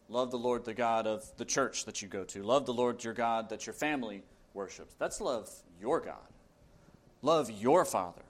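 A man preaching a sermon, reading scripture aloud and pressing his points with earnest, emphatic repetition. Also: medium pitch.

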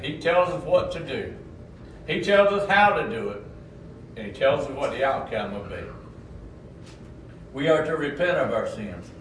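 A man preaching a sermon, his voice swinging widely between high, loud peaks and low, quiet asides. The sound is very roomy and echoing, picked up from a distance in a church hall. Faint ambience sits behind him. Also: a little hiss or hum.

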